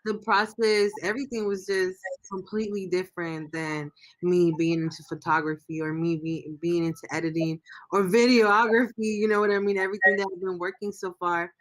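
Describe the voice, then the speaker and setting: A woman's voice: lowish voice, steady tone, brisk, few pauses. A woman speaking as a guest on a loose livestream chat. She rambles and circles back, reaching for words as she opens up with plenty of feeling. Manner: emotional, rambling, searching for words. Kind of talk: casual livestream interview.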